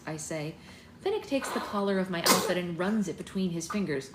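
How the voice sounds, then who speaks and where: A woman hosting a book club, reading a novel aloud at home in a measured, expressive storytelling manner. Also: lowish voice. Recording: echoey room with background noise.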